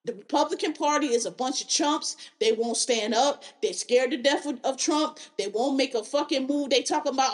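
Brief: woman podcast host with a high voice, fiery and foul-mouthed, restarting her sentences often. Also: a little fast, few pauses. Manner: heated, profane, blunt, with lots of restarts. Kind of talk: casual political rant.

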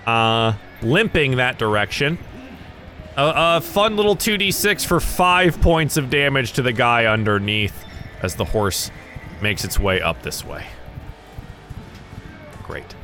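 A man from the American South narrating a tabletop game as game master, animated and chuckling between dice rolls. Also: mid-range voice, slow, pauses often, faint music behind.

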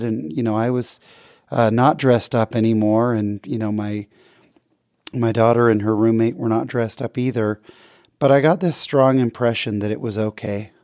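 A middle-aged man talks earnestly and from the heart as he hosts his own show, now and then breaking into a soft laugh. His voice is warm and mellow. The recording is close and dry, with no room sound. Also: medium pitch, no echo. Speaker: podcast host. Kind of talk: casual personal reflection.

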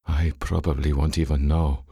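A man's voice: very deep voice, level tone, moderate pace, mellow, breathy edge, voice pushed down, exaggerated voice. A man playing a wary desert commander in an audiobook, who speaks carefully and deferentially to superiors he fears. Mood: grim. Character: wary soldier commander serving cruel masters. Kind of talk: audiobook character voice.

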